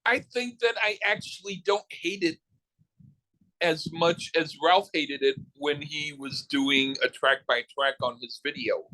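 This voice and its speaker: A man's voice: a little high, fairly even intonation, a little slow, bright, forceful tone, rough recording. A man co-hosting a podcast in casual chat, teasing and stumbling over restarts. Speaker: podcast co-host.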